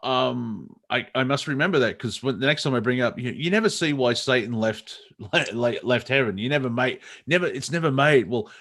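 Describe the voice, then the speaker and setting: A man's voice: mid-range voice, a little fast, hardly any pauses, fairly bright tone. A middle-aged Australian man co-hosting a casual comedy chat, rambling with many fillers and restarts. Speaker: comedy show co-host.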